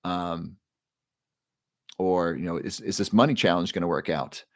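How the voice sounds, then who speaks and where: A man's voice: sits low, unhurried, no room sound, studio quality. A man hosting a live stream, talking casually with his chat, guiding a breathing exercise and answering viewers' questions by name. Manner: relaxed, guides breathing, reads chat names aloud. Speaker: livestream host.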